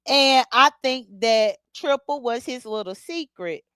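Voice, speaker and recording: The host of this casual livestream speaks unhurriedly in a high voice whose tone is sharp yet clean. She talks bluntly with features and greets people in chat by name, recorded without any room sound.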